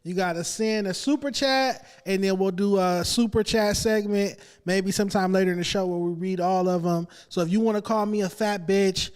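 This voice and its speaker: A man hosting a casual podcast with loud, joking energy and a Los Angeles accent. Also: high-pitched, steady tone, normal speed, hardly any pauses, clean tone, big-room sound. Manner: loud, hype, joking host. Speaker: podcast host.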